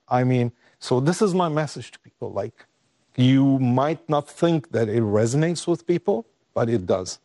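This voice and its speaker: A male guest, not an English speaker, recounting a personal story with halting restarts, his voice rising when he is moved. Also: mid-range voice, animated, mellow, dry recording, clean studio sound.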